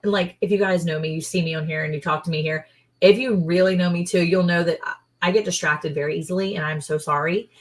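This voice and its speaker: Chatty woman with a low voice. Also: fast. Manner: chatty, rambling, quotes people in lively voices. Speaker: livestream co-host. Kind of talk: casual livestream chat.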